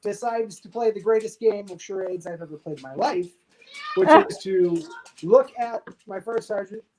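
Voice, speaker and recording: A man in his thirties from the United States, a podcast guest telling a war story candidly and with dark humor, swearing freely. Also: high-pitched, lively intonation, moderate pace, a crowd in the background, low-quality recording. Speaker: podcast guest, army veteran. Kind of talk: casual storytelling interview.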